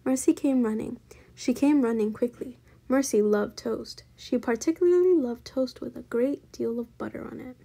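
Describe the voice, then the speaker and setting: A woman reading a children's chapter book aloud in a steady, gentle storytelling manner. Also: on the high side, moderate pace, creaky, breathy edge. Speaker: storybook reader.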